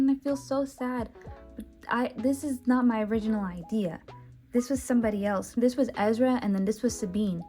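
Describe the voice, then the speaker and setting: With faint background music behind her, a woman with a darkish, mid-range voice narrates a relaxed walkthrough of her sketchbook. Her commentary is chatty and meandering, packed with fillers and restarts.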